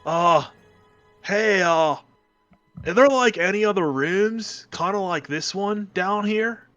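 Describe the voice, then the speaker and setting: A laid-back male player speaks slowly and in a friendly way during a tabletop game, his voice a little higher than most men's. The sound is dull and lo-fi, close and dry, with faint music under it. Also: a bit bright, dry recording. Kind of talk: in-character tabletop role-play.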